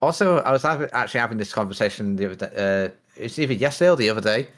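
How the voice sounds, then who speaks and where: A man's voice: mid-range voice, expressive, very fast. A man with a British accent rambling through stories in casual chat while gaming, chuckling now and then. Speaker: co-player on a stream.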